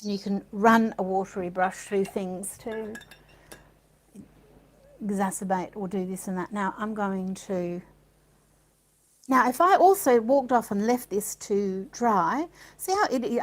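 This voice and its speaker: A woman with a mid-range voice presents art supplies in a casual demonstration, chatting and thinking aloud as she works, with delighted little gasps. The audio is poor.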